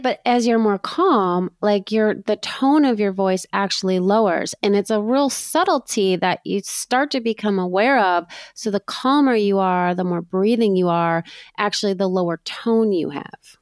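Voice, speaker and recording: A woman's voice: mid-range voice, normal speed, clear, resonant tone, dry recording, studio quality. Conversational woman co-hosting a podcast. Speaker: podcast co-host. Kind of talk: podcast interview.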